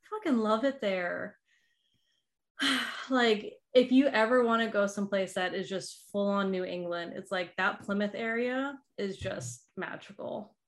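A woman's voice: mid-range voice, unhurried. A woman in her thirties from the Boston area talks in a loose, chatty way. She leans on "like" fillers and laughs often as she talks. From Boston area, Massachusetts. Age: 30s. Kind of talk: casual chat.

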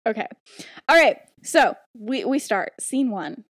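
A woman's voice: a little high, lively intonation, a little slow, no echo, clean studio sound. A woman casually retelling a story on a podcast, giggling often and quoting characters with lots of "like".

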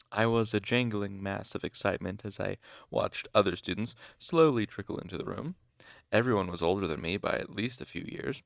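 A young man, an amateur audiobook reader, reads a novel aloud at home in an informal way, occasionally pausing for whispered asides and corrections. His voice is fairly low and creaky, captured with studio quality and no echo.

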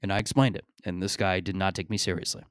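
A man hosting a podcast, telling stories in a rambling, profane, animated way, often stammering and restarting his sentences. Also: low-pitched, fast talker, clear, resonant tone, dry recording, clean studio sound. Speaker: podcast host. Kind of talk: casual comedic monologue.

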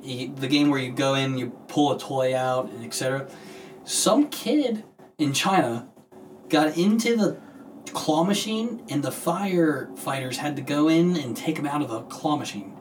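A man's voice: on the high side, slight background noise. A young man hosting a casual podcast, chatty and jokey, retelling odd news stories, heard from a distant mic. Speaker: podcast host.

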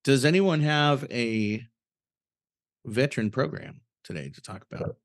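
A man's voice: mid-range voice, animated, unhurried, no room sound, studio quality. A man hosting a podcast in loose, profane, laid-back conversation. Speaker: podcast host. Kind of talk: casual podcast chat.

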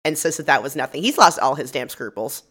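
A woman's voice: extremely low pitch, lively intonation, fast talker, a bit bright, breathy edge. A woman co-hosting a podcast, recapping a TV episode in casual chat, laughing often and acting out the characters' lines. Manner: laughs often, acts out quotes. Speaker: podcast co-host.

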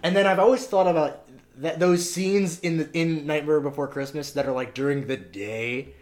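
A podcast co-host with a fairly high-pitched voice chats at a moderate pace about horror movies. He's chatty and uses lots of fillers, retelling scenes with animation.

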